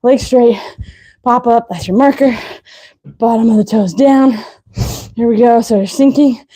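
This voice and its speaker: A woman's voice: fairly high pitch, unhurried, mellow. A woman fitness instructor coaching a live leg workout, out of breath, counting reps aloud and giving short cues.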